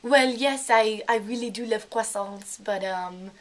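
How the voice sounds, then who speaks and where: A woman's voice: on the high side, unhurried, natural voice. A girl faking a playful French accent. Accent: fake French. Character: young woman putting on a French accent.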